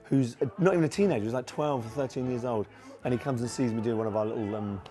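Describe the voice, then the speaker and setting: A man in his forties talks about his stage act in a relaxed documentary interview. His voice sits at an ordinary middle pitch. He rambles a little, restarting sentences and filling gaps with ums and you knows. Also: fast, faint music behind. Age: 40s. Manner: chatty, many fillers and restarts. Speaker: tribute act performer.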